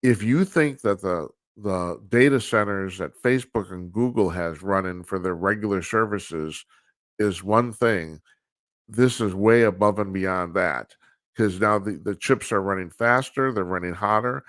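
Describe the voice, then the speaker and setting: A man's voice: lowish voice, a little slow, a bit bright, no echo, studio quality. A man hosting a live talk show, giving casual political commentary in a blunt, rambling, profane way with frequent restarts. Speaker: radio talk show host. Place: studio, live broadcast with video calls.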